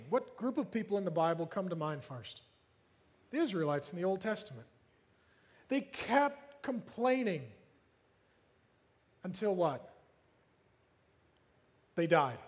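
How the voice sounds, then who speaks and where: A man preaching a sermon as pastor, lively and joking, often acting out whiny complainers in put-on voices. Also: high-pitched, in a large hall.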